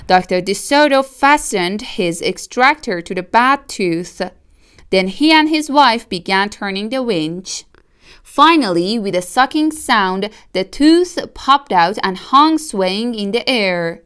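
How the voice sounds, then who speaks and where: Slow, clear woman reading a storybook. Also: medium pitch, a bit bright. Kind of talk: reading a picture book aloud.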